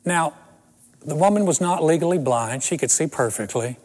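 Man in his 60s, pastor with a somewhat high voice, preaching through funny personal stories, echoing in a large hall. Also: lively intonation, moderate pace, a little mellow. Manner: storytelling with self-deprecating humor. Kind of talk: sermon.

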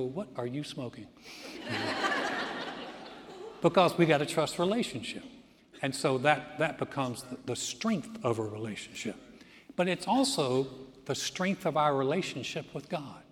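Man preaching a humorous sermon in a hall. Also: a little high. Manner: storytelling with jokes and acted-out voices. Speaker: pastor. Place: church sanctuary. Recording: long hall reverb.

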